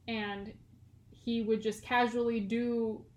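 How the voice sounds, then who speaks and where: A woman's voice: on the high side, level tone, takes it slowly, roomy sound. A young woman in her twenties from California, co-hosting a podcast in a casual, rambling chat full of fillers and laughs. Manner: chatty and rambling, many "like" fillers, laughs often. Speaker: podcast co-host.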